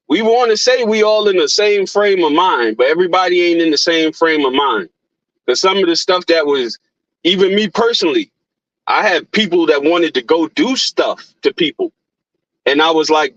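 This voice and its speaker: A man on a call-in line, speaking earnestly and cursing freely, often repeating himself. His voice sits a little high, and the line sounds dull and dry with no room around it. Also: lively intonation, moderate pace, a bit bright, no room sound.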